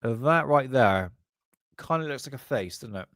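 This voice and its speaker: A man's voice: mid-range voice, expressive, normal speed, a bit bright, no room sound. Crude joking man, dry sound. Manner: crude, joking, laughs often. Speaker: channel host. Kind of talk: casual commentary on paranormal photos.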